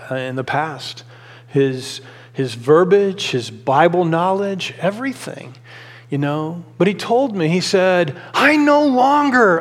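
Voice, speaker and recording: Passionate high-voiced preacher in a reverberant hall. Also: male voice. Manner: passionate, rising to emphatic exhortation; conversational storytelling with many restarts. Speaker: pastor. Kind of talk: sermon.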